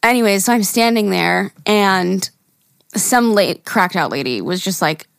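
A woman's voice: medium pitch, expressive, measured pace, creaky, no room sound, clean studio sound. A young woman, co-hosting a podcast and telling a story in casual chat, acting out quotes and swearing freely. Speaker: podcast co-host.

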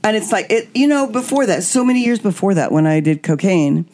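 A woman's voice: medium pitch, fairly quick. A woman guest candidly telling a personal story, acting out what people said. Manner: animated, acts out quotes.

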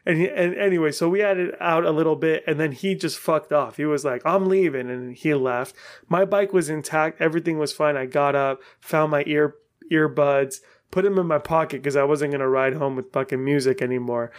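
A man in his forties tells a story on his podcast in a casual, meandering way. His voice sits a little high for a man. He swears freely and laughs often. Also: a little fast. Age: 40s. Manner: rambling, profane, laughing often. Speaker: podcast host.

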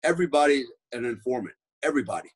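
Man, middle-aged, from the US, husky, podcast guest, casual rambling storytelling. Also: mid-range voice, expressive, very fast. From United States. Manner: rambling, profane, lots of fillers.

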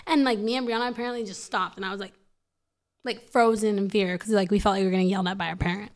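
A woman's voice: mid-range voice, racing. A young woman chatting casually as a podcast guest, telling a story full of "like" and acting out what people said. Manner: animated, full of "like", acts out quotes.

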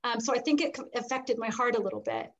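Middle-aged lady guest telling her story, kinda high voice, does the voices, laughs a lot. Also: fast, highs cut off. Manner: animated, acts out quoted voices, laughs between lines. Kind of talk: personal storytelling in an interview.

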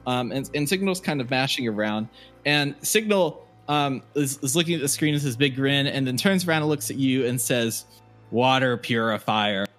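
A man's voice: mid-range voice, animated, moderate pace, a bit bright, soft background music. A man narrating as game master of a tabletop game, loose and full of fillers.

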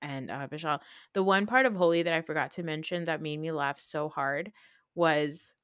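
A woman co-hosting a podcast, gossiping in an animated, emphatic way and swearing casually. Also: sits low, normal speed, clean tone, dry recording, studio quality. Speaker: podcast co-host. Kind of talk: casual chat.

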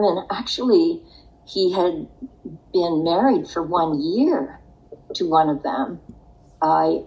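Older woman telling stories slowly. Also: deep voice, poor audio. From United States. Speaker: guest. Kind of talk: interview storytelling.

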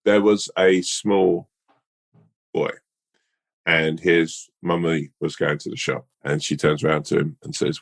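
Very deep-voiced man telling a rambling tale. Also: flat delivery, unhurried, creaky, no echo. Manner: rambling, playful storytelling. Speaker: podcast co-host. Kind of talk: casual chat with a mock-earnest fable.

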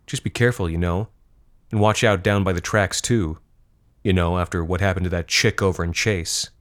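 A sneering teenage boy who enjoys upsetting his cousins, dwelling on gruesome details in a mocking drawl, put on by a man reading a story. The voice sits low and deep. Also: steady tone, normal speed, natural voice. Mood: taunting.

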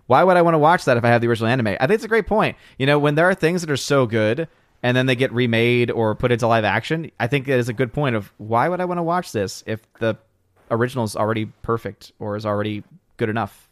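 A man hosts a relaxed conversation, reading viewer comments aloud and musing over them. He talks with plenty of "uh" and restarts. His voice sits in an ordinary middle register, and the recording is dry. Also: medium pitch, quick pace, no echo. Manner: hesitant, many restarts and fillers. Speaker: podcast co-host reading chat. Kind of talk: casual chat.

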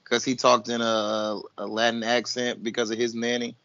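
A man co-hosting a podcast in relaxed casual chat. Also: medium pitch, moderate pace, dry recording. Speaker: podcast co-host. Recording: dry, dull lo-fi sound.

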